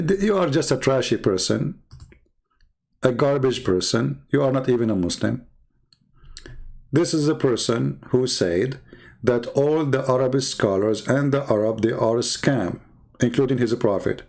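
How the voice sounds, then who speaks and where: Man, English, heated rant, mocking, insulting, average pitch. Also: vocal fry, a little mellow. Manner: scornful, insulting, mocking laughs. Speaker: online debate speaker. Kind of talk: heated ranting monologue.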